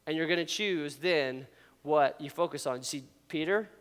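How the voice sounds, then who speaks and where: Guy preaching to a youth crowd, highish smooth voice, jokey, big echoey hall. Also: normal speed, a bit bright. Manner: playful, laughs often, asks the audience questions. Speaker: youth pastor. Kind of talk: casual youth sermon. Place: large hall with an audience. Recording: long hall reverb.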